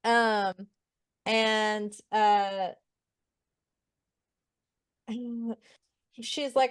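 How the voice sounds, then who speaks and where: A woman's voice: medium pitch, measured pace, smooth, no echo, clean studio sound. A woman co-hosting a book podcast, casually recapping chapters with profanity and acted-out quotes. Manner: profane, animated retelling with quoted character lines. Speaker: podcast co-host.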